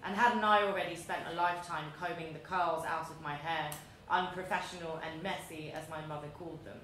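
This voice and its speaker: A woman's voice: low-pitched, steady tone, fairly quick, fairly bright tone. Woman in her thirties with a London accent, reading in an echoey hall. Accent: London English. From London, England. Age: 30s. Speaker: author reading her essay. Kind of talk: live reading of a personal essay. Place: large echoey museum event space. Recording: very echoey room, faint background noise.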